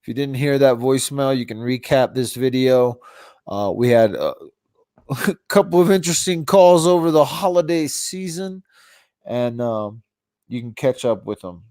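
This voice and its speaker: A man with a stuffy, cold-clogged nose hosts a casual live-stream chat, rambling, laughing a lot, and restarting sentences. His mid-range voice has lively intonation, a normal pace, and a darkish tone. It was recorded on a phone with no echo.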